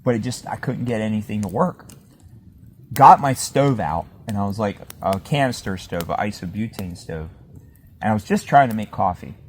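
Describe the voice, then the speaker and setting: A man's voice: fairly low pitch, animated, normal speed. Chatty man telling a campfire story. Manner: rambling, chuckling, many fillers. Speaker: podcast host. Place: outdoors at a winter campsite by a fire.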